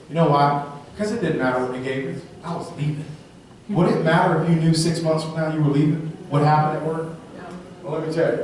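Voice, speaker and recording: A man giving an energetic motivational talk at a live sales rally, telling stories and often asking the crowd "right?". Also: fairly high pitch, fast talker, a little hiss or hum. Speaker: motivational speaker. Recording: echoey hall, from far off.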